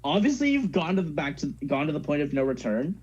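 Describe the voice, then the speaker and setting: A teenage guy chatting on a podcast, teasing and rambling with plenty of filler words. His voice sits fairly high and swings up and down a lot, with a husky edge. The sound is dull and lo-fi. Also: very animated, fast talker, darkish tone. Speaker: podcast co-host. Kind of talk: casual chat.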